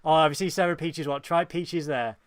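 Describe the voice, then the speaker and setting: A man's voice: fairly high pitch, fairly even intonation, brisk, clear, resonant tone, dry recording, studio quality. A man with a Northern English accent, co-hosting a casual podcast and speaking in an impassioned, emphatic way. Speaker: podcast co-host.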